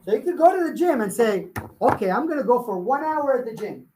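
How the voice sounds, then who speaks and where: A man's voice: very high voice, big pitch swings, a little fast, echoey room, background noise. A man leading a live sales coaching workshop, blunt and firing rhetorical questions at his audience. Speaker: real estate sales trainer.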